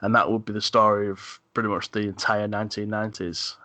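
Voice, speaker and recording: Low-voiced man, bright dry sound. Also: level tone, a little fast, dry recording. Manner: thoughtful, hesitant with frequent ums and restarts. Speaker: podcast co-host. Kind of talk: casual film podcast chat.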